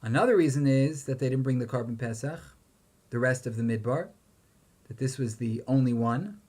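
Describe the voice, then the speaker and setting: A man's voice: mid-range voice, moderate pace, a little mellow. A man giving a Torah lecture, posing questions and chanting Hebrew verses with emphasis. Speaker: rabbi teaching Torah.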